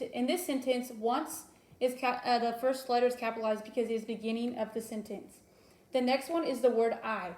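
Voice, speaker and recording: Young woman, teacher, recorded lesson for small children, patient explaining, lots of ums, slightly high voice. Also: a little mellow. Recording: roomy echo.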